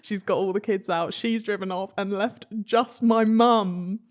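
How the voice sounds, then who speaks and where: A woman's voice: mid-range voice, steady tone, a little slow. A young woman, a podcast guest, tells a story casually, swearing freely and laughing mid-sentence.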